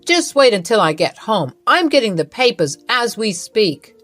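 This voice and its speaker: A woman voicing a grown man, a wronged husband who speaks flatly and sternly. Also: a little high, moderate pace, soft background music, pitched above the performer's own voice. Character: wronged husband, adult man, cold and firm.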